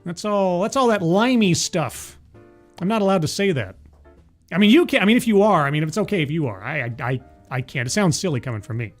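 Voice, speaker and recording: Host: man, casual commentator, animated pitch, rambling and self-deprecating. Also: fairly quick, faint music behind.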